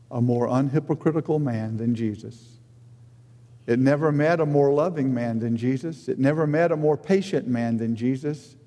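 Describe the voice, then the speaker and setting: A man preaching a sermon in an earnest manner, rising for emphasis and then dropping low and quiet. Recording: long hall reverb.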